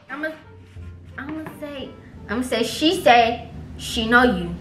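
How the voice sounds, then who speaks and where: High, bright young woman vlogging. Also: a little slow. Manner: animated and dramatic, slangy, talking to viewers. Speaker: vlogger pranking her boyfriend. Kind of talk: casual chat to camera, reading texts aloud. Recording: echoey room, faint music.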